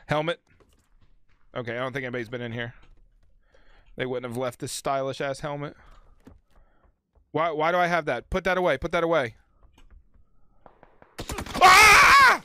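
A man streaming a game live, excitable and full of swearing and sudden yelps. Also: medium pitch, noisy background. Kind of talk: live gameplay commentary.

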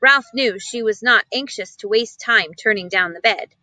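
A woman reading a children's novel aloud in an expressive storybook style. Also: a little high, moderate pace, no room sound, poor audio. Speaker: reader.

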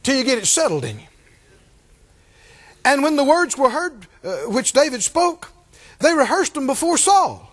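Preaching with long pauses at a normal speed, this pastor has a very high voice. He animatedly calls out to his congregation and performs the voices of figures from the Bible.

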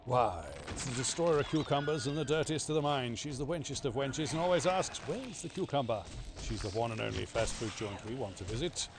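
A man's voice: medium pitch, brisk, background noise. A man streaming a game live, chatting, swearing and humming silly ditties to himself as he plays. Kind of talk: live gameplay commentary.

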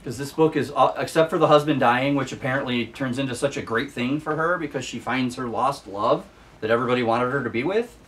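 A man's voice: mid-range voice, fairly quick, fairly bright tone, recorded from a distance. Exasperated man ranting about a book. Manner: exasperated, ranting, repeats himself. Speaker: book vlogger. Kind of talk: casual book review rant.

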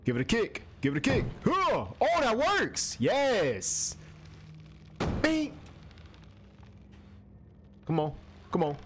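A man's voice: high-pitched, unhurried, a little hiss or hum. A young man, commentating a horror game playthrough as he talks to the character on screen. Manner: animated and jumpy, talking to the game character, slangy. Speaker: gaming streamer.

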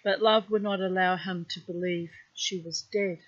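A woman storyteller reading a myth aloud outdoors in a calm, unhurried way. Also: fairly low pitch. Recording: dull lo-fi recording.

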